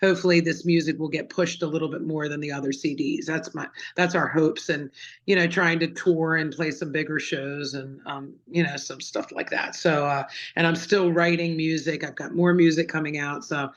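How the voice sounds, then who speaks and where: A woman's voice: deep voice, steady tone, normal speed. A middle-aged woman singer-songwriter, chatting as an interview guest, telling stories with lots of fillers. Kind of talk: casual interview chat.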